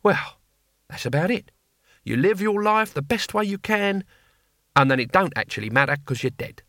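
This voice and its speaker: Man voicing an old barbarian man, gruff, plain-spoken, rambling, bright tone. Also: high voice, lively intonation, normal speed, no room sound, clean studio sound, voice pushed up. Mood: weary. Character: ancient weary barbarian man, blunt and coarse.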